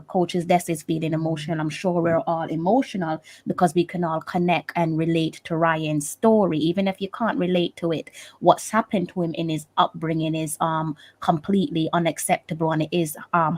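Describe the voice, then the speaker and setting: Lady hosting a livestream, lowish voice, lots of ums as she reads comments. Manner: reads viewer comments, gives shout-outs with frequent ums. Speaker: interview host.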